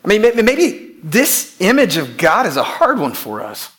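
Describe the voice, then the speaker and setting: A man's voice: high voice, huge pitch swings, measured pace, a bit bright. A pastor preaching to his church in an emphatic way, repeating key phrases and putting questions to the congregation. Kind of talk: sermon.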